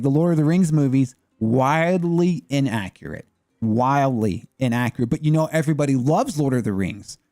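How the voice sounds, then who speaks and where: A man's voice: medium pitch, a little mellow, no room sound, clean studio sound. A man chatting casually as a gaming streamer, rambling and opinionated with lots of fillers. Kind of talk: casual chat.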